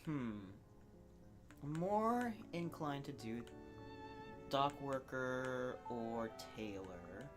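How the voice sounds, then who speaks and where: A streamer in a relaxed live-stream chat at home, rambling with lots of fillers and reading game text aloud between asides. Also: medium pitch, drawn-out words, long pauses, over music. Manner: rambling, chatty, frequent fillers and self-asides. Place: home, lounging on a couch.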